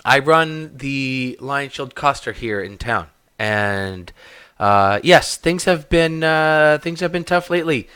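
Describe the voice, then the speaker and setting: A man voicing a shrewd human woman in her forties who runs a trading post, flustered and quick to haggle and take offense. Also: medium pitch, expressive, sharp tone, clean tone, dry recording, studio quality. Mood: grateful.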